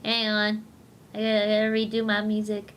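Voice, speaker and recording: A woman's voice: mid-range voice, completely flat delivery, a little fast, slight background noise. A young woman hosting a livestream, chatting casually and gushing with giggles while she reads comics. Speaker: livestream host.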